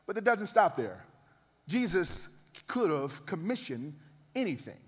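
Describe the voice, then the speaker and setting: Pastor in his thirties, high-pitched man, preaches with build-ups to loud peaks; reverberant church hall. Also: very animated, measured pace, pauses often, breathy edge. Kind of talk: sermon.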